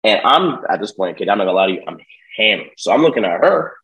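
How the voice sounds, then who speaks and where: Quick-paced and on the low side, a young man's voice comes through a low-quality recording as he guests on a podcast. He casually tells a long story about himself, swearing constantly and acting out its characters in a streetwise style.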